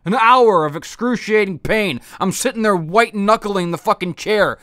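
A man's voice: high-pitched, moderate pace, a bit bright, no echo, clean studio sound. A man hosting a podcast, ranting angrily and profanely with half his face numb after dental work. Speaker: podcast host. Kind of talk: angry comedic rant.

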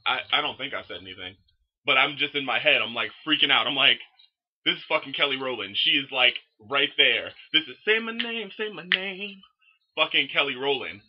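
A young man casually telling a story to camera in an excitable, profane, animated way. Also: medium pitch, slightly rough, muffled recording. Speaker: vlogger.

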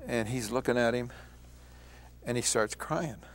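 A man's voice: medium pitch, unhurried, a little hiss or hum. An older man recounting wartime memories in an interview, in a plain storytelling manner. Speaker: war veteran interviewee.

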